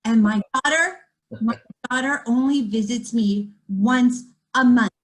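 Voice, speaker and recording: A woman's voice: a little high, measured pace, natural voice, poor audio. A woman doing a whiny old kvetch. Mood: whining. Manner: whiny, groaning, exaggerated sighs. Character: complaining old Jewish woman, forever kvetching.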